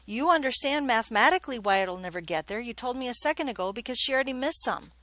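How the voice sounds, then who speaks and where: A woman's voice: a little high, animated, fast talker, a bit bright. A woman math teacher giving a classroom lesson, chatty and joking, often checking in with questions.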